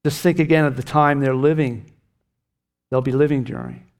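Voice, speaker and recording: A man's voice: mid-range voice, normal speed, vocal fry, a little mellow. Middle-aged male pastor, earnest emphatic sermon delivery, mid-range voice. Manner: earnest, emphatic preaching with lifts on key phrases.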